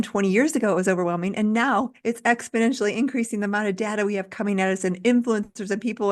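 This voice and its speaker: A woman's voice: medium pitch, darkish tone. A middle-aged woman, a doctor being interviewed, talking earnestly and encouragingly as she lays out lessons step by step. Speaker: guest doctor. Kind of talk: interview conversation.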